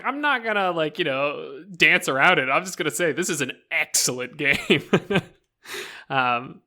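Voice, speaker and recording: Lively, bright-voiced Canadian man chatting. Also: fairly high pitch. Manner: animated, laughs often, swears casually. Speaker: podcast co-host. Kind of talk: casual chat.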